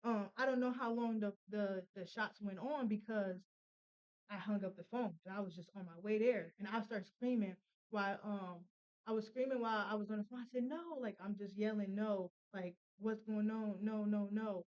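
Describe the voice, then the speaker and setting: A young woman telling a painful personal story, halting with many fillers and restarts. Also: medium pitch, lo-fi sound. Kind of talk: casual storytelling.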